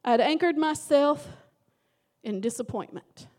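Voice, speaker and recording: High-voiced woman pastor preaching. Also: expressive, unhurried. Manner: emotional, dramatic storytelling with sudden loud emphasis. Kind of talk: sermon.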